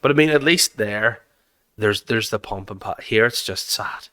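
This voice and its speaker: A man's voice: on the low side, moderate pace, sharp tone. Joking man, casual banter. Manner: joking, fond of mock voices and banter. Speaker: podcast guest. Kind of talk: casual chat.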